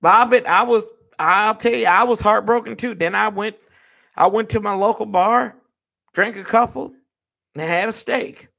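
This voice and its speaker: A fired-up man rants to his live-stream viewers. His high voice has a gravelly edge, and he swears freely and calls everyone y'all. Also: normal speed, pushed and bright. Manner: fired-up, ranting, profane. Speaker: sports fan show host.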